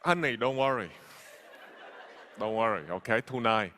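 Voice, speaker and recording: A man's voice: lowish voice, lively intonation, moderate pace, sharp tone, in a large hall, a little hiss or hum, voice pushed down. A man doing his furious older dad. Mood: mock menacing. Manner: broken-English mock menace, soothing. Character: angry older immigrant father, plotting.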